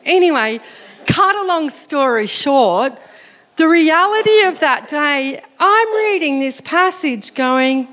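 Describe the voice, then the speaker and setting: A middle-aged woman, telling a personal story in an animated, self-mocking way as part of her sermon. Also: high-pitched, slow pace. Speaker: preacher.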